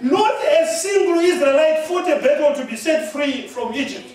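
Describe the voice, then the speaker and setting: High-voiced Zimbabwean preacher in echoey hall. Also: male voice, lively intonation, normal speed, recorded from a distance. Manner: emphatic, often shouting, with laughter and repeated "yeah?". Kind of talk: sermon. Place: large church hall.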